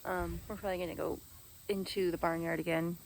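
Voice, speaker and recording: A young woman vlogging at an outdoor farm sanctuary, chatty and excitable, cooing at the animals. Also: lowish voice, a little fast, creaky, a little hiss or hum. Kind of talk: casual vlog narration.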